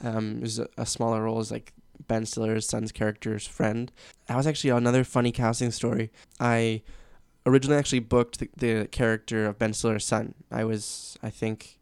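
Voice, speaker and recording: Chatty young man, smooth clear voice. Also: mid-range voice, little pitch movement, brisk, darkish tone, no room sound, clean studio sound. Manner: candid, chatty, easily laughing. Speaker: guest, sports announcer. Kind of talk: casual interview chat.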